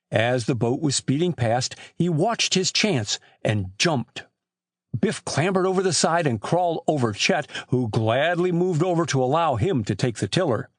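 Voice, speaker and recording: A man narrates an adventure story with a lively, sweeping delivery. His voice sits a little high. The sound is close and dry with no room around it. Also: slightly rough, no room sound. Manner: animated reading with lively shifts for characters. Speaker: audiobook narrator. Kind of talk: scripted narration.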